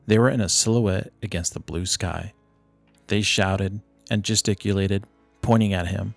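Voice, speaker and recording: Deep gravelly male story narrator. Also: no echo. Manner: steady, measured reading. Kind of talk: audiobook narration of a classic story. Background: low ambient music.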